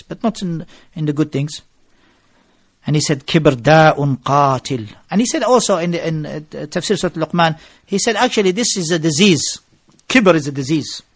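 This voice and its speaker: Guy preaching, high voice, animated storytelling, throws in phrases. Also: dry recording, clean studio sound. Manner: mixes Arabic phrases into English, animated storytelling. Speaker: Islamic preacher. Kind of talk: lecture to a gathering.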